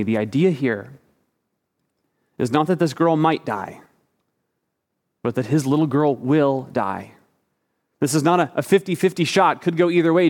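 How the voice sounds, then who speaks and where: A man's voice: a little high, a little mellow. A man preaching a sermon, retelling the story vividly and acting out the quoted lines. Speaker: pastor. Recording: echoey hall.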